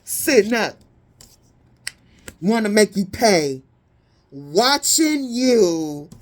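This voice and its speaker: A woman giving a casual tarot reading, blunt, profane and sassy, with animated indignant peaks. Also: medium pitch, extremely slow. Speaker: tarot reader.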